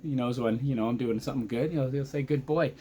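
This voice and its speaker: Excitable man recapping a hockey game. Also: medium pitch, fast talker, a little hiss or hum. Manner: excitable, chatty, loses track mid-sentence. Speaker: vlogger, hockey fan. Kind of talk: casual game recap commentary.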